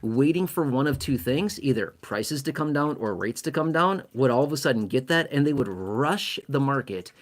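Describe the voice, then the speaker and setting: A man's voice: mid-range voice, expressive, moderate pace, few pauses. A man giving casual money commentary to camera, emphatic and self-mocking, stacking up repeated words for stress. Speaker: finance commentator.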